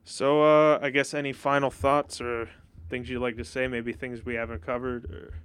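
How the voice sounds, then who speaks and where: A young man hosting a casual podcast interview, talking in a relaxed and hesitant way with lots of fillers. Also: mid-range voice, normal speed, clear, resonant tone. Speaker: podcast host.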